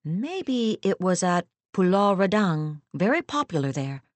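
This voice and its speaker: A woman's voice: lowish voice, big pitch swings, unhurried, no echo. A woman doing an insistent dismissive mother.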